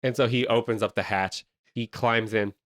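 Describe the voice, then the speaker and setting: A man hosting a comedy podcast, telling an improvised movie pitch with lots of energy and silly voices. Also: moderate pace, no echo, studio quality. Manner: animated storytelling with silly voices.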